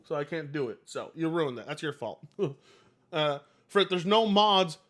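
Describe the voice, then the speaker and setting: Male streamer, casual live chat, rambling, swears freely, slightly high voice, very lively pitch. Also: unhurried. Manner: animated, rambling, swears and laughs easily. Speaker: livestream host.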